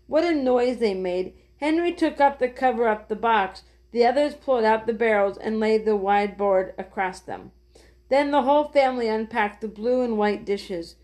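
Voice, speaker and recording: A woman reading a children's book aloud gently, with small slips. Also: a little high, animated, normal speed. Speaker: storyteller.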